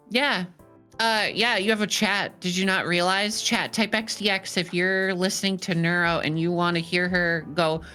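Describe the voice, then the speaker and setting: A woman's voice: on the low side, fairly even intonation, unhurried, sharp tone, soft background music. A woman streamer bantering playfully in casual chat, teasing and swearing casually.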